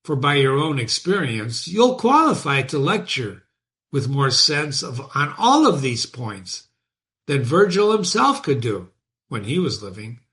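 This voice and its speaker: A man reading aloud and voicing a sly male fiend who talks in a smooth, knowing, persuasive way. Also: mid-range voice, very animated, measured pace, fairly bright tone. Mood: cheerful.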